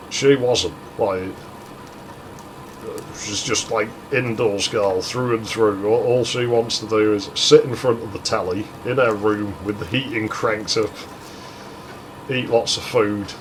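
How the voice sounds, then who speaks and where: A man's voice: on the low side, a little hiss or hum, poor audio. A young man casually telling a crude story over gameplay, rambling and swearing freely. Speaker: gaming channel host.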